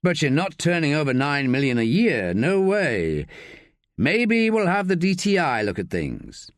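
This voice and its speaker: A man's voice: a little high, very animated, a little slow, dry recording. A man voicing a terse police inspector in an audiobook, asking pointed questions in a level voice. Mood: probing.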